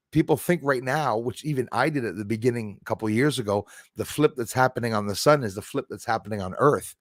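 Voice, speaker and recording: Guy hosting a late live stream, rambling and chatty, shouting out viewers by name, dry close mic. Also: mid-range voice, no room sound. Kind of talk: casual live stream chat.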